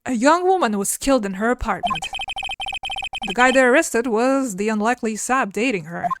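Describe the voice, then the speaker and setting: A woman's voice: fairly high pitch, expressive, moderate pace, background noise, natural voice. A woman voicing an earnest young male rookie defense lawyer, reading the game text aloud. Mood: narrating.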